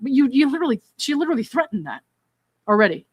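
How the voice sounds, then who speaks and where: A woman with a slightly high voice reads text messages aloud on her commentary channel. She stops to react with indignant, exasperated commentary between the quoted lines. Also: expressive, fast. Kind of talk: reading texts aloud with commentary.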